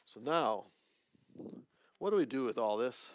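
A man teaching a conversational sermon as pastor in a church, with joking asides and quick restarts. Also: mid-range voice, animated.

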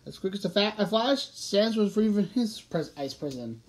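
A woman's voice: mid-range voice, expressive, moderate pace, rough recording. Woman, amateur story reader, frequent restarts, self-correcting. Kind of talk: reading a fan story aloud.

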